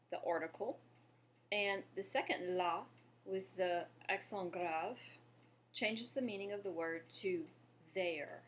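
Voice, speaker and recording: A woman from Louisiana teaching a French lesson, patiently explaining and pausing to have listeners repeat after her. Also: fairly low pitch, slight background noise. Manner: patient, slows down to model pronunciation and asks viewers to repeat. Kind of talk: language lesson.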